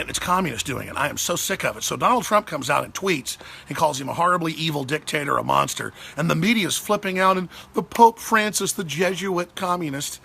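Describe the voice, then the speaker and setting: A man with a heavily gravelly, husky voice that sits fairly high and pushes hard and tense. He rants as a talk show host, sarcastic and heated, lurching between fast bursts and drawn-out words. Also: bright, forceful tone. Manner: heated and sarcastic, swings pitch and pace. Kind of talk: angry political rant.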